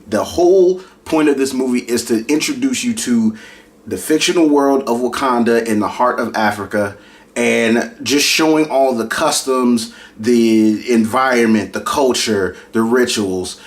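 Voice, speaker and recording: A man giving a casual, enthusiastic movie review on his channel. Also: mid-range voice.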